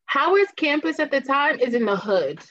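A woman in her thirties from Boston, a podcast guest telling her story in casual chat, animated and laughing often, her throat a little hoarse. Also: high voice, normal speed, muffled recording, a crowd in the background. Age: 30s. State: slightly hoarse, clearing throat.

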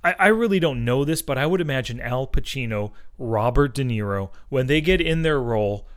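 An American man co-hosts a relaxed movie discussion. He sounds enthusiastic and talks in a conversational way. His voice sits in an ordinary middle range. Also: mid-range voice, a little fast. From United States. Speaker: podcast co-host discussing films. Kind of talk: casual chat.

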